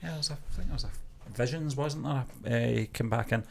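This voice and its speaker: A man's voice: mid-range voice, quick pace, vocal fry. A man co-hosting a casual movie podcast, reading news with hesitant fillers. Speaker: co-host.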